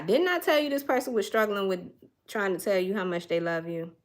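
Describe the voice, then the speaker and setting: A woman's voice: medium pitch, lively intonation, brisk. A woman, doing a casual tarot reading and chatting straight to her viewers in a folksy way. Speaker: tarot reader.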